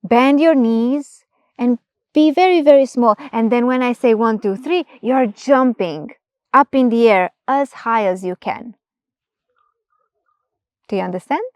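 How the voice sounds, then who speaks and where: A woman voicing a wise, calm female frog who guides patiently in a soft, slow voice. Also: on the high side, dry recording, natural voice. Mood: instructing.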